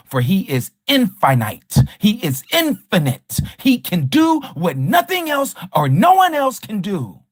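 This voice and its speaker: A man leads a livestreamed scripture study in an emphatic, rhetorical way. He hammers his points with repeated questions, and his pitch swings widely. The sound is dry and close, with no room around it. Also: fairly bright tone, no echo. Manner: combative toward a rival teacher. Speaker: Bible study teacher.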